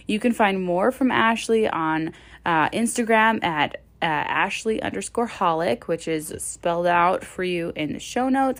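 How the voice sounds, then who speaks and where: Enthusiastic woman podcast host signing off. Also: lowish voice. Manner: warm-hearted, enthusiastic, listing takeaways. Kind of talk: solo podcast outro.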